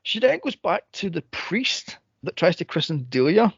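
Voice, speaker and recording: A man co-hosting a podcast, recapping a movie in casual chat with an exasperated, animated manner. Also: high-pitched, moderate pace, gravelly, husky, no echo. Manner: exasperated, animated retelling with frequent exclamations. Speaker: podcast co-host. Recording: dull, lo-fi dry recording.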